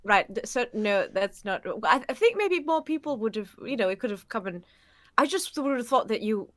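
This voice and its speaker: An awkward, stumbling adventurer, played by a woman in a tabletop game, with a lively pitch. The sound is close and dry. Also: moderate pace, no room sound.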